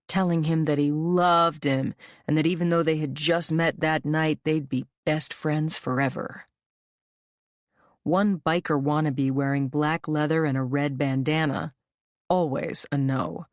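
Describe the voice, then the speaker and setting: Brief: female audiobook narrator, deep and dry-miked, measured, wry. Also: dry recording.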